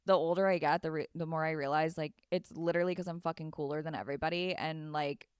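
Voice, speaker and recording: Woman, podcast co-host, very low voice, smooth, blunt and laid-back, dry studio sound. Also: fairly even intonation, fast talker, dry recording. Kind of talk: casual podcast chat.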